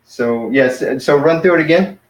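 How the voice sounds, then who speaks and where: A man teaching a casual one-on-one Greek lesson, encouraging and patient, spelling out words slowly. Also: fairly high pitch, slight background noise. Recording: roomy, dull lo-fi sound.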